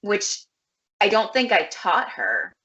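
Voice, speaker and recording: A woman's voice: medium pitch, huge pitch swings, slow, bright, forceful tone, highs cut off, slight background noise. A woman co-hosting a podcast, rambling in casual chat with lots of filler words. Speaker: podcast co-host.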